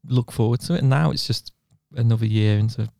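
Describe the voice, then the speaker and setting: A man's voice: mid-range voice, brisk, gravelly, dark tone, dry recording, clean studio sound. A man co-hosting a podcast, chatting casually with short, easygoing replies. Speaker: podcast co-host. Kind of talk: casual chat.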